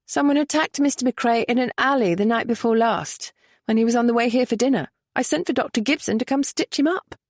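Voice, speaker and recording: Voicing a strong-willed young noblewoman, a woman speaks urgently and emphatically in a fairly high pitch at a brisk pace. Her pitch is above her own voice yet close to an everyday one, recorded in clean studio sound with no room sound.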